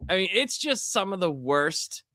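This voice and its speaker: Bright, forceful voice, man, podcast host, casual review chat, animated, exclaiming in disgust, dry sound with no room echo. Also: sits high, normal speed.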